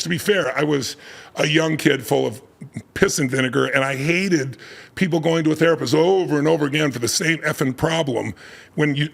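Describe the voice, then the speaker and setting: A man's voice: on the high side, vocal fry. A man telling a story emphatically as a guest in a casual conversation, laughing often as he talks.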